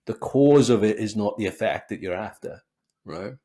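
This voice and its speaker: A man from Wales with a softened Welsh accent, a speaking coach talking as a podcast guest in an animated, expressive way, acting out quotes as he tells stories. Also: on the low side, normal speed. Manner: animated, expressive storyteller who acts out quotes. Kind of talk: conversational interview.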